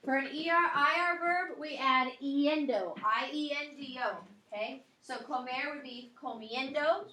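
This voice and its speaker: Woman, high voice, Spanish teacher lecturing a class on grammar; patient explainer who keeps asking "okay?", recorded in a roomy classroom. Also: bright, forceful tone. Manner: explanatory, checks in with frequent "okay?" and "um".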